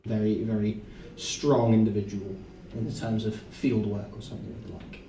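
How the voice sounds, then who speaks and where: Mellow-voiced man narrating a tabletop game. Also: lowish voice, fairly even intonation, slight background noise. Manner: descriptive, halting, with fillers. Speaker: game master. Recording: roomy, distant mic.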